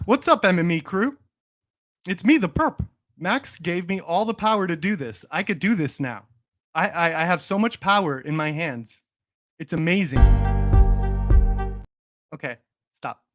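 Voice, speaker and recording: A young man chatting on a home livestream in a playful, mock-boastful, teasing way. His voice sits a touch higher than most men's, and he talks straight into his desk mic. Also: sing-song, normal speed, long pauses, fairly bright tone. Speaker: livestream host. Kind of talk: casual livestream chat.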